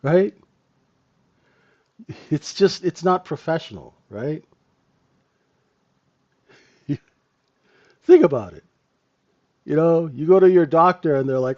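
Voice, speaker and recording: A man runs a live trading room, walking through the market casually and checking in with his listeners often. His voice sits on the high side and is expressive, with a darkish tone, a slow pace and frequent pauses. He chats, leans on tag questions and drops chuckling asides, all over dull audio.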